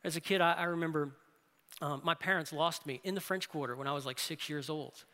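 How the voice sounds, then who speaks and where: A man preaching a sermon as pastor, earnest, often closing a point with a quick "right?". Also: on the high side, pushed and bright, big-room sound.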